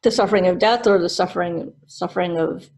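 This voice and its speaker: A woman's voice: on the low side, brisk, creaky, darkish tone, rough recording. A middle-aged woman, a Buddhist nun, teaching a class casually and telling a personal story with frequent laughs. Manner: chatty, laughs often while telling a story.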